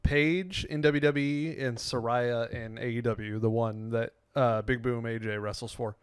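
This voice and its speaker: A young man co-hosting a podcast in casual chat, telling stories with lively quoted voices and frequent laughs. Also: unhurried, clean tone, dry recording. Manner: animated storyteller, acts out quotes with sudden loud pitch jumps, laughs often. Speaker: podcast co-host.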